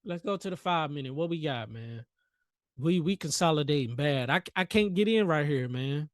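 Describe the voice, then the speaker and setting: A man's voice: fairly high pitch, expressive, moderate pace, dry recording, clean studio sound. A man hosting a trading livestream, joking and talking back to the chart in casual live commentary. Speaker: livestream host and futures trader.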